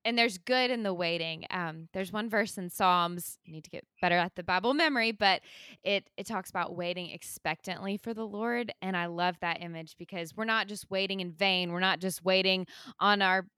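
A woman's voice: medium pitch, pushed and bright, clear, resonant tone, dry recording, studio quality. A woman hosting a faith podcast, affirming and encouraging as she asks her guest questions. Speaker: podcast host.

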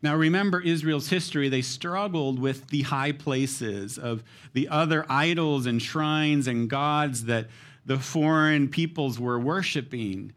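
A man's voice: fairly high pitch, a little slow, fairly bright tone. A man preaching a sermon, explaining a psalm in an earnest teaching manner. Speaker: pastor.

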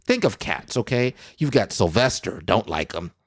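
A man hosting a playful podcast, reading mock op-eds in a fairly low voice. He swoops widely in pitch and keeps tacking on "okay?" for emphasis. The sound is close and dry. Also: sing-song, moderate pace, gravelly, dry recording. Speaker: podcast host.

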